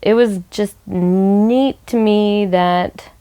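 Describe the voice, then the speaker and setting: A young woman recounting her relationship in an interview, hesitant and casual, with many pauses and fillers. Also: mid-range voice, dark tone, clear, resonant tone. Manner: hesitant, with many "um"s and "I don't know"s. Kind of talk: casual personal storytelling.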